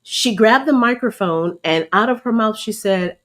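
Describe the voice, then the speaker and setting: A woman's voice: medium pitch, normal speed. A woman leading a ministry, giving a candid, emotional live testimony and preaching, calling her listeners y'all. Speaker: ministry leader.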